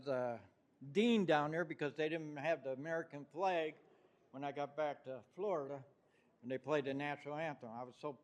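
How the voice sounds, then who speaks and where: An older man with a New York accent giving a rambling, heartfelt public comment at a city council meeting. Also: fairly high pitch. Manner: rambling, heartfelt, with many fillers.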